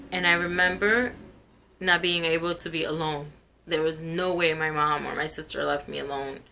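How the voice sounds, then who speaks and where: A woman's voice: on the low side, sharp tone, slight background noise, rough recording. A woman vlogger telling a painful personal story in an earnest, emotional way. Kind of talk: personal testimony.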